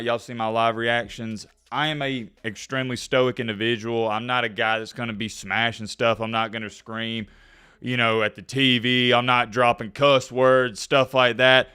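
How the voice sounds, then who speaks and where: A man's voice: medium pitch, fairly bright tone, smooth. A man ranting sarcastically and directly to viewers in sports commentary. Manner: heated, sarcastic, talks straight to viewers.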